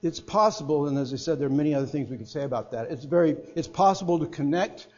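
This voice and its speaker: Preacher with mellow, husky voice. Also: male voice, a little high, quick pace. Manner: expressive, swings from loud emphatic to quiet hushed. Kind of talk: sermon. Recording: dull lo-fi sound with mains hum.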